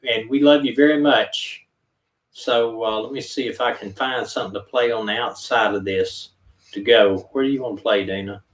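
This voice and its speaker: A man's voice: on the low side, fairly even intonation, normal speed, far from the mic. Easygoing man hosting, echoey room. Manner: easygoing, rambling with many fillers. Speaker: live stream host, retired detective. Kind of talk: casual live stream sign-off.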